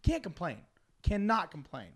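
A man telling a long story in casual chat, animated, laughing often and acting out his friends' lines. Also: high voice, normal speed, slightly rough.

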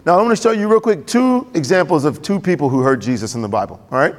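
A man preaching a sermon, talking conversationally and quickly and asking the congregation questions. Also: fairly high pitch, expressive. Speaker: pastor. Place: church sanctuary. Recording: long reverb of a church hall.

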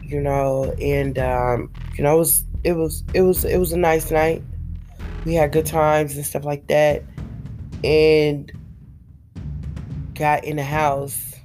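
A woman vlogger, hoarse and worn out after being sick, tells a rambling, profane story to her viewers with lots of fillers. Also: low voice, steady tone, slow pace, long pauses, mellow, soft background music. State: tired and hoarse after a week of illness.

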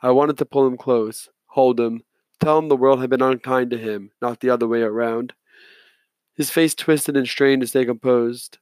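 A man's voice: mid-range voice, steady tone, normal speed, darkish tone, no echo. Man reading an audiobook, dry sound. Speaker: audiobook narrator. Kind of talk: scripted first-person narration.

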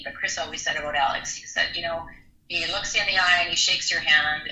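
A woman's voice: low-pitched, bright, forceful tone. A middle-aged woman, a podcast guest speaking earnestly and reflectively. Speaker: guest, a bereaved mother. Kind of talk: interview conversation. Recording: roomy echo.

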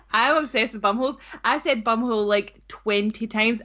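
A woman's voice: fairly high pitch, bright, forceful tone. A woman co-hosting a casual podcast, chatting frankly and giggling often. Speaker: podcast co-host. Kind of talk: casual chat.

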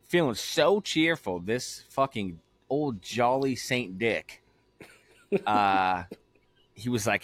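A man's voice: mid-range voice, lively intonation, takes it slowly, fairly bright tone, no room sound. A young man co-hosting a casual podcast, loose, joking and swearing freely. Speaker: podcast co-host.

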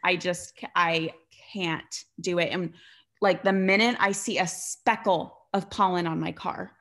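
Young female podcast host, lowish voice, chatty and animated, heavy on fillers. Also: measured pace. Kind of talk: casual chat.

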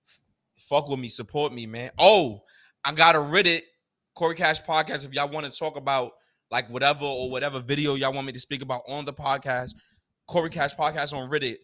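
A man's voice: medium pitch, fairly even intonation, fairly quick, pushed and bright. A young man hosting his own podcast, ranting in a profane, exasperated comic monologue full of rhetorical questions. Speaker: podcast host. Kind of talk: solo comedic rant.

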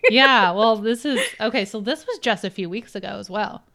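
A woman hosting a casual chat, enthusiastic and quick to react. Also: a little high, fairly bright tone.

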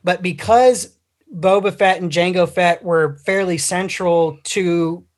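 A man's voice: high voice, fairly even intonation, slow pace. A man talking as a guest on a casual livestream chat, rambling with lots of fillers and restarts. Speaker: guest on a fan podcast.

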